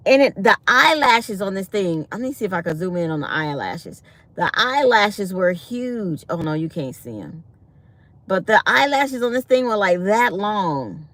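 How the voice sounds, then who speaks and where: A woman's voice: mid-range voice, gravelly, no room sound. A woman, chatting to her viewers on a casual livestream and acting out what people said. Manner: chatty, talks to viewers as y'all, acts out quotes. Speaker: livestream host. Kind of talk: casual live-stream storytelling.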